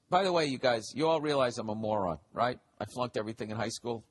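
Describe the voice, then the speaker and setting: A man in his forties hosting a solo comedy podcast, talking into a studio mic in a loose, rambling monologue. He swears freely and often jokes at his own expense, with a medium voice and an unhurried, conversational delivery. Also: mid-range voice, husky. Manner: rambling, profane, self-deprecating. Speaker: podcast host.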